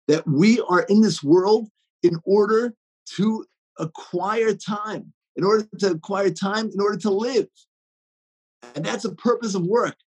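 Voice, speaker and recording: A man's voice: high-pitched, husky, low-quality recording. A man giving an inspirational talk, telling stories with many fillers and restarts.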